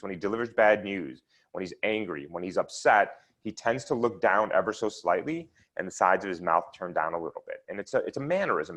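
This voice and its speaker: A man's voice: lowish voice, a bit bright. A man presenting his research at an online seminar, explaining slides and charts step by step. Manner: explanatory, walks listeners through charts step by step. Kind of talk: lecture with slides.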